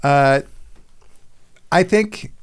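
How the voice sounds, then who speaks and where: A man's voice: a little high, drawn-out words, smooth. A middle-aged man hosting a podcast in casual chat, rambling and self-mocking, often repeating his words as he starts sentences. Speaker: podcast host.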